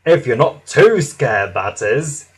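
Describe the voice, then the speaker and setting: A man's voice: medium pitch, sing-song, takes it slowly, husky, full character voice. A man voicing a stout, kindly male railway boss in a storybook reading, speaking in a firm, announcing tone.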